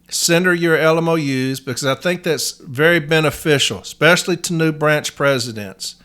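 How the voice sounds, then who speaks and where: A man's voice: a little high, a bit bright, clean tone. A man from Nashville, Tennessee, with a Southern accent, hosting a podcast in a blunt, folksy monologue. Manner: blunt, folksy, uses y'all. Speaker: podcast host.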